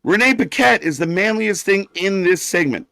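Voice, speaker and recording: A man's voice: high-pitched, lively intonation, normal speed, vocal fry, pushed and bright. A man hosting a wrestling watch-party stream, ranting in sarcastic, heavily profane live commentary. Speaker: watch-party livestream host.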